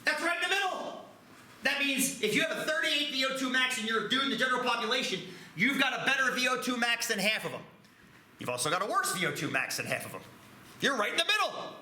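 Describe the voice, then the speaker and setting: A man's voice: high voice, pushed and bright, slight background noise. A man teaching a math class, joking and poking fun at himself as he works through problems with students. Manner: joking, self-deprecating. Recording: echoey classroom.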